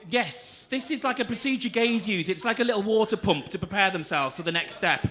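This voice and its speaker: A man's voice: high-pitched, a little fast, bright, forceful tone. A young man doing stand-up comedy on a club stage, teasing the audience in a camp, cheeky manner. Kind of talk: stand-up comedy with crowd work.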